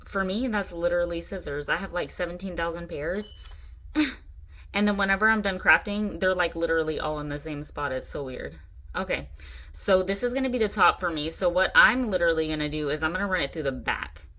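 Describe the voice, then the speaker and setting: A woman walks viewers through a craft project in a casual, chatty way. Her voice sits a little low, and she keeps breaking into excited gushing over how cute things look. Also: brisk. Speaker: craft channel host.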